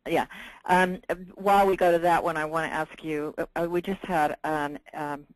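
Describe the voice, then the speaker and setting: A woman co-hosting a webinar, speaking hesitantly with many pauses and fillers. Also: low-pitched, fairly even intonation, no echo, low-quality recording. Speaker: host. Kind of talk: webinar discussion.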